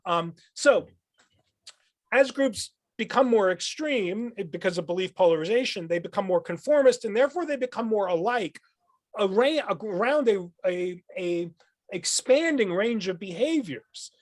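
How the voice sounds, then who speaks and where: A man, a philosophy professor, explaining ideas as a guest on a podcast in a thoughtful, lecturing way, often pausing with "um" and restarting his phrases. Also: high voice, lively intonation, no echo, clean studio sound. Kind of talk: podcast interview.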